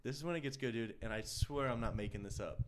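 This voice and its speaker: A mid-pitched man co-hosting a casual podcast. He rambles and restarts as he tells an animated story. A faint noise runs under the recording. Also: fast talker. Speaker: podcast co-host.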